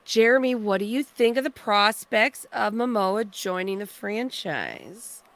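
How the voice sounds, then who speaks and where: A woman's voice: mid-range voice, animated, a little slow, fairly bright tone, no room sound. A woman co-hosting a casual podcast in a playful, giggly way, reading news items aloud. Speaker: co-host.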